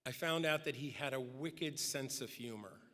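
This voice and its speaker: Sharp-toned and speaking at normal speed, a middle-aged man delivers a memorial eulogy from a podium microphone in a large church. He recounts personal anecdotes, acting out quotes with a rising pitch, and the recording carries long church reverb.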